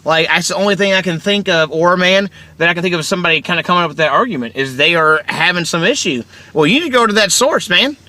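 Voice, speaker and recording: A man's voice: sits high, fast talker, hardly any pauses, pushed and bright, no room sound. A man with a Kentucky accent hosting a podcast, ranting in casual, profane, rambling talk. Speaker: podcast host.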